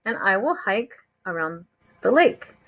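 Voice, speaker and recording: A cheerful storybook duck getting ready for a trip, read by a woman in a plain, friendly way. The voice is bright. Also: mid-range voice, sing-song, measured pace, exaggerated voice.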